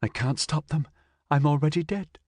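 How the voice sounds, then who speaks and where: A man's voice: normal speed, dry recording, studio quality, natural voice. A man voicing a frantic, shrieking young woman. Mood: hopeless. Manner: panicked, shouting, high-pitched. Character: young woman, terrified and defiant.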